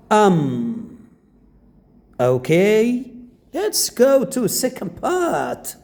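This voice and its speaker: A man's voice: sits high, very animated, darkish tone. A man with an Arabic accent teaching English pronunciation to beginners, repeating each drilled word several times. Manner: slow, drills words by repeating them.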